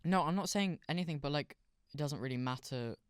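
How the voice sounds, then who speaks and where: A man's voice: fairly high pitch, a little fast, smooth, no echo. A man co-hosting a podcast in casual chat, with dry, teasing banter. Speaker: podcast co-host.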